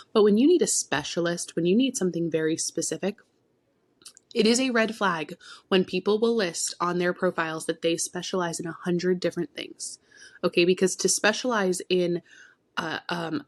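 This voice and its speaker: Candid low-voiced woman podcast host. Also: dry recording. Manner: frank and heartfelt, shifting between emphatic bursts and hushed near-whispers; personal storytelling with many asides.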